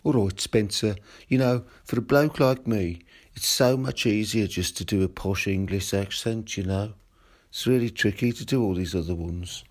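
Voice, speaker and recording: A man's voice: fairly low pitch, moderate pace. A man leaving a casual voice message, explaining something in an easygoing way. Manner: easygoing, explaining at a leisurely pace.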